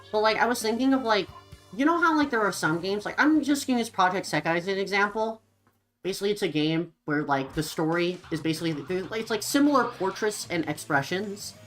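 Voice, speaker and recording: A woman's voice: medium pitch, rough recording. A young woman streaming a game and chatting casually with viewers in a rambling style, full of fillers. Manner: rambling, filler-heavy, lively.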